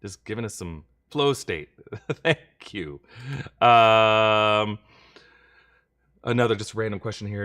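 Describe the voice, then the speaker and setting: A man's voice: fairly low pitch, slow, long pauses, fairly bright tone. A young adult man hosting a live-stream reaction Q&A, chatty, reading out viewer questions and thanking donors. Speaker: host.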